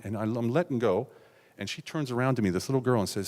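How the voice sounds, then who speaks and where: A middle-aged man from the United States telling a raw, confessional personal story on stage, with sudden loud outbursts and hushed asides. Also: medium pitch, fast talker. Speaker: keynote speaker. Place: large hall on stage. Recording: stage talk with long hall reverb.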